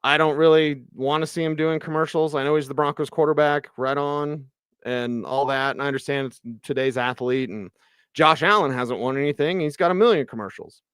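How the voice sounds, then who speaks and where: A man hosting a postgame sports radio show, ranting with animated exasperation and sarcastic asides. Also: a little high, a little fast, smooth, dry recording, studio quality. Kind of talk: postgame sports talk monologue.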